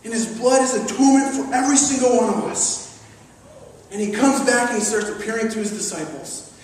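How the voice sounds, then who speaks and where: Male pastor, very high voice, emphatic sermon delivery, recorded from a distance in a big reverberant hall. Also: fairly quick, a little hiss or hum. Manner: emphatic, acts out the disciples and Thomas. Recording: echoey hall recorded from far off.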